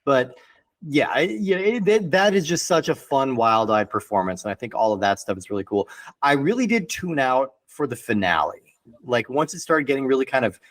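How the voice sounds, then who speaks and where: Man in a relaxed podcast film chat, middle-pitched voice, talking loosely and tangentially with plenty of fillers. The sound is dry and close with no room echo. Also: normal speed. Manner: rambling, heavy on fillers like "like" and "you know". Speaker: podcast panelist. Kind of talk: casual film discussion.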